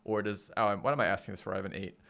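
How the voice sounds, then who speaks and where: Gravelly-voiced man joking at the game table. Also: on the low side, rapid-fire, bright, forceful tone. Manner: joking, rambling with many fillers. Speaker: player. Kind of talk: casual tabletop game chat.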